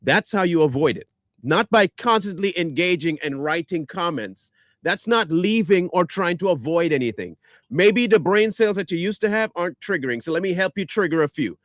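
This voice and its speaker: A man's voice: sits high, lively intonation, normal speed, a bit bright, dry recording. A man ranting back at viewer comments in a combative, sarcastic, insulting way. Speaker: online commentator.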